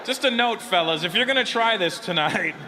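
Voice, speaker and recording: A male stand-up comedian rambles through crude stories on stage, laughing at his own jokes. His voice sits a little high, and the live recording is noisy. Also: lively intonation, fairly quick. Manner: rambling, crude storytelling that keeps checking in with the crowd. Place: stage before a live audience.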